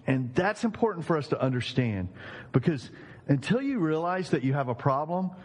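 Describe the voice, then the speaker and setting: A man's voice: on the high side, sing-song, normal speed. A male pastor preaching a sermon in an emphatic storytelling manner. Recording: long reverberant hall.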